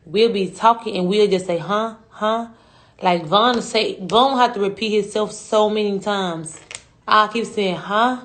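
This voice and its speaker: A woman's voice: mid-range voice, normal speed. A young adult woman telling a story on a livestream in a slangy, profane, rambling way. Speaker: rapper.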